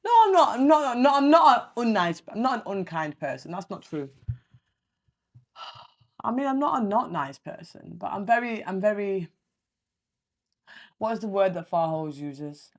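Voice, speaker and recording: A young woman, hosting a casual solo podcast, blunt and animated, swearing freely as she tells stories. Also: mid-range voice, moderate pace, pauses often. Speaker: podcast host.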